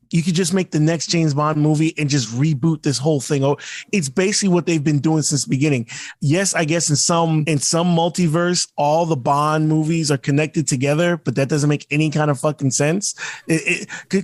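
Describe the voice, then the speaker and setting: A man's voice: on the high side, brisk, no echo, studio quality. A man co-hosting a podcast, rambling through casual chat with lots of restarts and some cursing. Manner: rambling, profane, frequent restarts. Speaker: podcast co-host.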